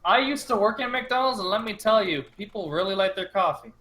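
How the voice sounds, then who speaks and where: A person chatting on a stream, making wry, deadpan jokes. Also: mid-range voice, a little fast, reverberant. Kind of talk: casual group chat.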